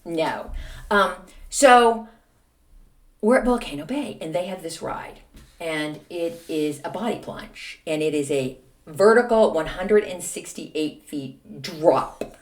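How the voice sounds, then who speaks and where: A woman's voice: fairly low pitch, expressive, takes it slowly. A middle-aged woman hosting a podcast, telling a story in a chatty, self-mocking way. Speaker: podcast host. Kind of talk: casual solo storytelling.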